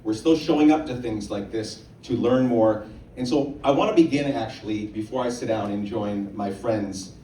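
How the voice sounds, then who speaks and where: A man's voice: fairly low pitch, normal speed, warm tone, slight background noise. A man moderating a panel, rallying a live audience in earnest and leading call-and-response. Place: stage in a hall. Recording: roomy hall sound, distant mic.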